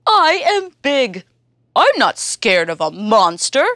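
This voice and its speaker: A woman voicing a big, boastful male elephant in a children's storybook, high and loud. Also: very animated, slow pace, no room sound, studio quality, full character voice.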